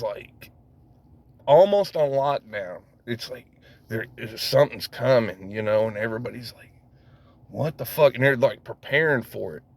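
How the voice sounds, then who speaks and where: A man ranting casually to camera, rambling, swearing heavily and laughing at himself as he goes. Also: mid-range voice. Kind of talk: casual profane rant.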